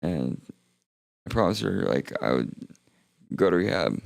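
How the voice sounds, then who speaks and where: A young man with a deep, gravelly voice full of vocal fry rambles through a profane livestream monologue. He keeps breaking off mid-sentence and circling back. The sound is close and dry, with no room around it. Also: sing-song, measured pace, no room sound. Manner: rambling, profane, self-interrupting. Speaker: streamer.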